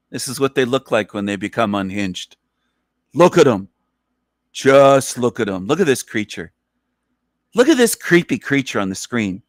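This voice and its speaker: A man's voice: mid-range voice, no echo, clean studio sound. A man hosting a ranting commentary, scornful and insulting, repeating his phrases over and over. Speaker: channel host reacting to a clip.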